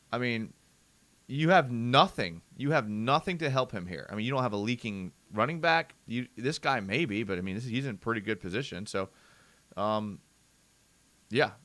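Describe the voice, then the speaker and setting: A young man hosts a live-stream film breakdown, his pitch jumping all over as he gets worked up. His voice is bright and forceful, and he calls viewers bro as he reads their comments. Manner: animated, ranting, addresses viewers as bro. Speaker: host of a fan live show.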